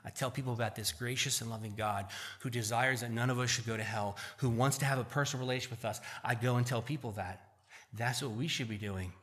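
A man preaching a sermon as pastor, swinging between loud emphatic peaks and quiet, earnest stretches. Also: mid-range voice, quick pace. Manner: animated, rising to loud emphatic peaks then dropping to quiet earnest tones. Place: church.

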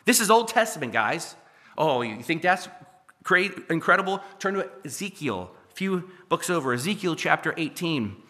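A man's voice: a little high, big pitch swings, moderate pace, sharp tone. A man in his thirties preaching a sermon, building to fervent, emphatic delivery, sweating and dry-mouthed. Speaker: pastor.

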